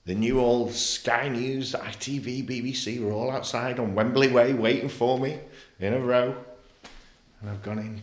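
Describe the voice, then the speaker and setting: A man's voice: mid-range voice, fairly even intonation, moderate pace, reverberant, slight background noise. A man, a podcast guest telling his story bluntly and animatedly, swearing often. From England. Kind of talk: candid interview conversation.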